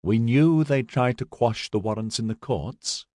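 A man's voice: mid-range voice, measured pace, a little mellow, dry recording, studio quality, lightly acted. A man voicing a cynical male constable who mutters his remarks.

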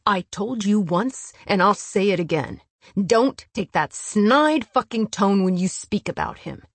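A woman voices a fierce winged male warrior, delivering his lines with icy, controlled fury in a low, clipped, intense manner. She speaks unhurriedly, and there's no room sound.

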